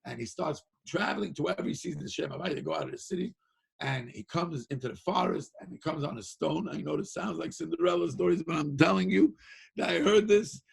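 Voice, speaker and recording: Gravelly, animated storytelling man. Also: fairly high pitch, fairly quick. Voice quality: gravelly, husky. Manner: animated, repeats words, laughs between lines. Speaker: Torah teacher. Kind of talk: storytelling lecture.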